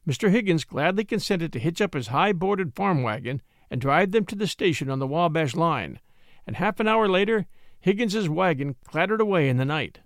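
A man narrating an old-fashioned tale with an expressive storytelling delivery. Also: a little high, normal speed, no room sound, clean studio sound.

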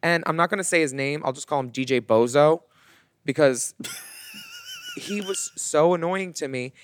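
A man's voice: fairly high pitch, measured pace, a little hiss or hum. A man co-hosting a podcast, telling a story in casual gossip chat and acting out the people in it. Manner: animated storyteller who acts out the other people in his stories. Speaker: podcast co-host.

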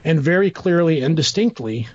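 A man's voice: on the high side, expressive, normal speed. A middle-aged man telling a personal story in a rambling, casual way, acting out the voices of people he quotes. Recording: dull dry lo-fi recording.

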